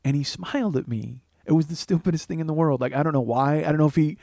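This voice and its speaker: A man's voice: fairly high pitch, fast talker, creaky, no room sound. A man in his forties, a comedian and podcast host, telling a personal story in a casual, profane way. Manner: profane, conversational, animated quotes.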